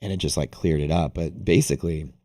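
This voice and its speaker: Very deep-voiced man telling a rambling story. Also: a little fast. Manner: rambling, animated, heavy use of "like". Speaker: day-trading livestream host. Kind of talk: casual storytelling to a live audience.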